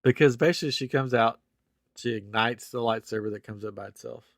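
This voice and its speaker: Guy hosting a podcast, chatty and animated, mid-pitch, dry close mic sound. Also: fairly quick, dry recording. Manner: animated storytelling with laughs. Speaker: podcast host. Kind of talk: casual chat.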